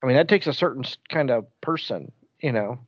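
A man who drives a bus, chatting casually and telling stories with jokes and lively quoted asides. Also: mid-range voice, fairly quick, dry recording, muffled recording. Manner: joking, animated storytelling. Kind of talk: casual chat.

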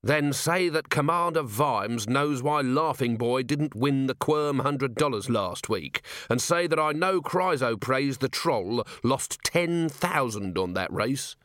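A man's voice: medium pitch, expressive, a bit bright, no echo, studio quality. A man doing a curt, suspicious watch commander. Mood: terse. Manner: curt, deliberate orders. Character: blunt, suspicious male watch commander, weary and hard.

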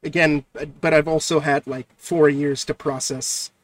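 A man co-hosting a casual podcast chat, excitable and profane, often stumbling and repeating words. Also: on the high side, measured pace, no room sound. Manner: excitable, swears a lot, stumbles over words. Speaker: podcast co-host.

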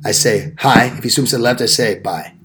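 A man's voice: mid-range voice, steady tone, quick pace, a loud crowd. A young man hosting a casual podcast, telling goofy, boastful stories. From Mexican heritage. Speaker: podcast host.

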